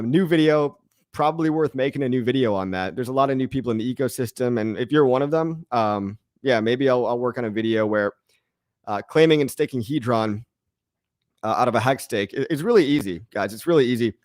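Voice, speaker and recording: A man's voice: mid-range voice, a little mellow, no room sound, studio quality. A man hosting a casual crypto live stream, reading chat comments and rambling with jokes and the odd swear word.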